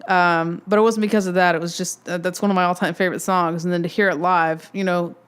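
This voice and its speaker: A woman in her twenties hosting a casual solo podcast, telling a rambling, excitable fan story. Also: fairly low pitch, quick pace, clear, resonant tone. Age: 20s. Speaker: podcast host.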